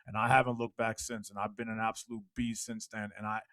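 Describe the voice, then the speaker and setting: A middle-aged man, a motivational speaker, telling his story as a podcast guest in an emphatic, preachy way that rises to loud exhortation. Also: on the low side, flat delivery, fast talker, no room sound, poor audio. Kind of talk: impassioned storytelling.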